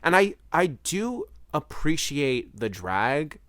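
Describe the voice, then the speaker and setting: Expressive man co-hosting a podcast, dry sound. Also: on the high side, no echo. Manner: expressive, quick to laugh. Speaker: podcast co-host. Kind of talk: casual podcast chat.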